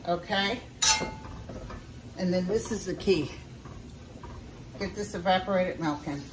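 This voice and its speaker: A woman's voice: lowish voice, slow pace. Woman home cook for a casual cooking vlog, folksy and chatty with viewers, recorded off-mic in an echoey kitchen with faint noise. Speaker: home cook showing a recipe. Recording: roomy sound from a distance.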